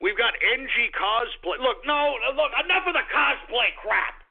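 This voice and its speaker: A man hosting a call-in talk radio show, ranting and combative with a profane, gruff delivery. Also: extremely high pitch, animated, unhurried. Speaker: radio host. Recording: tinny phone-like lo-fi audio.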